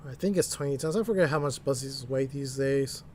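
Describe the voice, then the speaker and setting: A man's voice: mid-range voice, a little fast, darkish tone, slight background noise. A man streaming a driving game, rambling and mocking himself, laughing often at his own mistakes, talking into a desk mic. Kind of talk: casual gameplay commentary.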